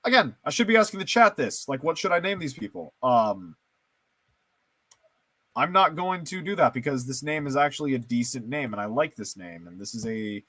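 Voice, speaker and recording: A man talks through his moves in a strategy game, musing aloud and poking fun at himself. His voice sits at a middling pitch but bounces up and down with lively intonation. The recording is dry and close, with no room echo. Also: normal speed, breathy edge. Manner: thinking aloud, self-mocking, playful. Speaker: gameplay streamer. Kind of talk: casual let's-play commentary.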